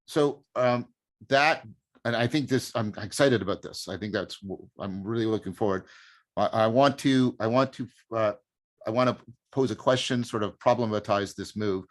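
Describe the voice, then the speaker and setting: A man's voice: on the low side, normal speed. A man hosting an academic discussion, thinking aloud and searching for his words as he poses a question. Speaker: host.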